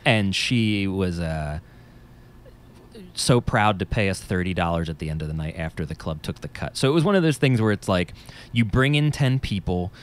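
On a casual podcast, a male musician with a low-pitched, slightly nasal voice speaks at a normal speed. He tells his stories with lots of energy and doesn't hold back on the profanity.

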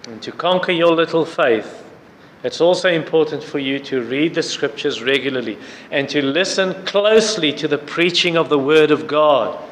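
A man preaching a sermon, earnestly urging prayer and fasting and citing scripture as he goes. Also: fairly high pitch, expressive, fairly bright tone. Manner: earnest, repetitive exhortation with scripture references. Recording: echoey hall with faint background noise.

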